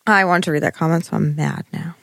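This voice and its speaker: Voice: medium pitch, steady tone, fast talker, creaky, a bit bright, dry recording. A podcast co-host with a mid-range voice talks in loose, casual chat. The delivery is teasing and full of sarcastic asides. The recording is dry and close-miked.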